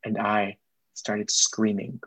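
A young man, a guest, telling a personal story in casual conversation, quick and earnest, slipping in Spanish phrases. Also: lowish voice, level tone, fairly bright tone, no room sound, poor audio.

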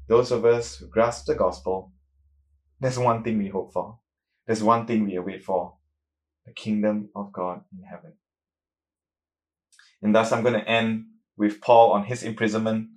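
A man's voice: steady tone, measured pace, pauses often. A man preaching an earnest, emphatic sermon on suffering, reading scripture aloud between his points. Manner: rises in pitch and volume when reading scripture.

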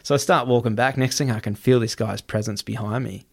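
A man's voice: mid-range voice, steady tone, creaky. A man telling a wild story in casual chat, swearing often and running his sentences together. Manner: swears freely, quick run-on telling. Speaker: guest.

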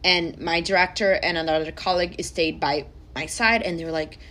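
A woman's voice: on the low side, steady tone, moderate pace, a bit bright. Woman, 20s, podcast host, earnest, emotional, direct to listeners. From Brazil. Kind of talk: personal podcast monologue.

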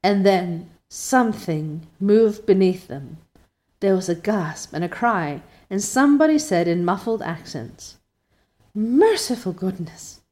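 Lady narrating a storybook, steady and expressive, mid pitch. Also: a little slow. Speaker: audiobook narrator.

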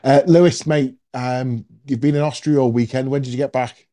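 A man's voice: medium pitch, steady tone, normal speed, mellow. A man hosting a podcast, chatting casually and jokily with plenty of ums. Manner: chatty, jokey, lots of ums. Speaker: podcast host. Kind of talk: casual chat.

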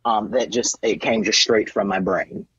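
A man co-hosting a podcast in casual chat, telling animated stories that jump into high comic voices. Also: measured pace, breathy edge, no room sound, lo-fi sound. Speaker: podcast co-host.

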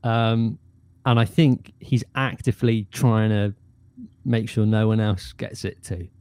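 A man, a guest actor chatting casually, animated and often laughing. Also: lowish voice, measured pace, clear, resonant tone, dry recording. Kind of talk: casual chat.

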